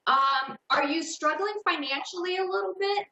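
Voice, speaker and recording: A woman hosting a call-in psychic radio show, giving slow, hesitant readings full of fillers and restarts. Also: very high-pitched, sharp tone, reverberant, muffled recording.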